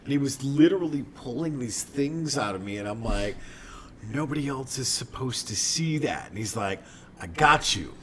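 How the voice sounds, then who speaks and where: A man's voice: medium pitch, expressive, moderate pace, a little hiss or hum. A man talking earnestly about playing music with his bandmate in a casual podcast chat.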